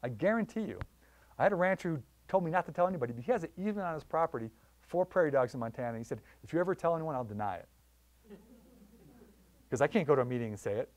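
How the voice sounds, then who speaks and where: A man giving a public lecture on wildlife conservation in a library, telling stories with lively voiced quotes. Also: on the high side, rapid-fire. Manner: animated storytelling with voiced quotes.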